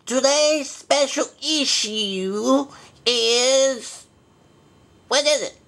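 A man's voice: expressive, moderate pace, pushed and bright, exaggerated voice. A man voicing a forgetful, cranky old male bear rabbi who hosts a puppet comedy show, bumbling and stubborn. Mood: flustered. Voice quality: high-pitched, bumbling and cranky. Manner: forgetful, stubborn, easily flustered. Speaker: show host.

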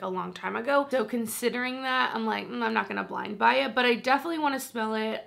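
A woman's voice: on the high side, creaky, fairly bright tone. A young woman chatting casually about perfumes as a vlogger, rambling and self-deprecating. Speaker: fragrance vlogger. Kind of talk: casual chat.

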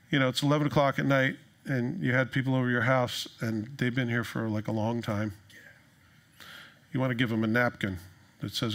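Bright-voiced, joking male pastor. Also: mid-range voice, moderate pace. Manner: conversational, joking, animated storytelling. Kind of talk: sermon.

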